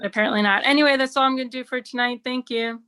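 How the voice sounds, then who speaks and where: Bright-voiced woman doing stand-up. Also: high-pitched, fairly even intonation, quick pace, smooth. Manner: wry, chatty delivery with many "like"s. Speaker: stand-up comedian. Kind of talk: stand-up set. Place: remote open mic over video stream.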